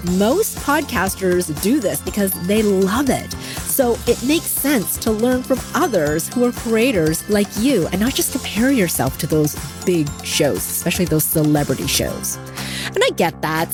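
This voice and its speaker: A woman hosting a podcast interview, lively and laughing often as she wraps up and speaks to listeners. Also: medium pitch. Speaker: podcast host. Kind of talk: casual interview chat.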